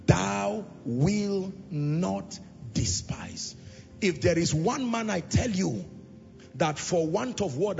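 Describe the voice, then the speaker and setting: A male preacher delivering an impassioned sermon, repeating lines and swelling into shouts and half-sung phrases. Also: fairly high pitch, vocal fry. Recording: reverberant hall, dull lo-fi sound, music behind.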